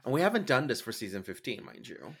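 A young man co-hosting a podcast, trading campy, teasing jabs with his partner. His pitch swings around a lot as he talks, lively and playful. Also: fast, slightly rough. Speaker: podcast co-host. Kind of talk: casual banter.

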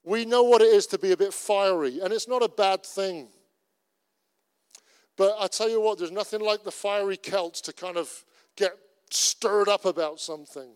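Cornish pastor preaching in a reverberant hall. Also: male voice, high voice, smooth. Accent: Cornish English. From Cornwall. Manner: earnest, conversational preaching with repetition. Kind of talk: sermon. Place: church. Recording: long reverb of a church hall.

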